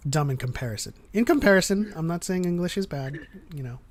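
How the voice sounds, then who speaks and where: A man's voice: fairly high pitch, fast, a little mellow. A man hosting a casual stream chat, explaining at length with many ums and restarts. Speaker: host.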